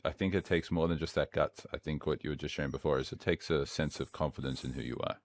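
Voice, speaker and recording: Very deep-voiced frank podcast host. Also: male voice, fairly even intonation, fast talker. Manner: frank, conversational, sometimes swears. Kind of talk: podcast interview.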